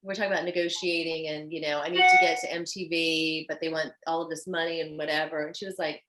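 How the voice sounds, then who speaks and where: A woman's voice: low voice, fast talker, hardly any pauses, a little hiss or hum, rough recording. A woman guest on a podcast interview, a fashion designer speaking in an earnest, effusive way. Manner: earnest and effusive, animated when telling stories.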